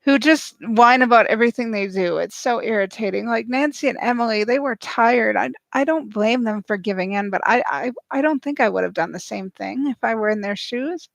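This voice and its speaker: A woman giving snarky, excitable live reaction commentary as she watches a show and cheers at the screen. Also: fairly high pitch, fairly quick, creaky, hardly any pauses, no room sound. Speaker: show recap host.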